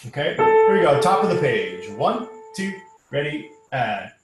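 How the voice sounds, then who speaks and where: Choir director guy talking slow, kinda high voice, patient, lots of ums. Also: very animated. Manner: patient, step-by-step, many um and uh fillers. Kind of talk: choir rehearsal instruction. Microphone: online rehearsal recording. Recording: echoey room with instrument music.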